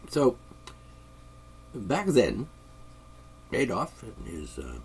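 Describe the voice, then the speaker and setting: A man's voice: fairly low pitch, wildly swooping pitch, very slow, a little hiss or hum. A man with congested sinuses, delivering a sarcastic, rambling political monologue from his studio. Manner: sarcastic, mocking, chuckling. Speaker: podcast host. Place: home studio.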